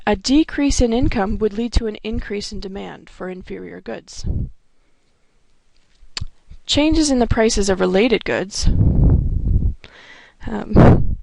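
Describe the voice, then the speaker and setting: A woman delivers a recorded economics lecture, steady and explanatory. Her voice carries a gravelly fry at phrase ends. The recording is dry and close, with no room sound. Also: medium pitch, dry recording. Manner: clear explanatory delivery with occasional restarts. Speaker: economics instructor.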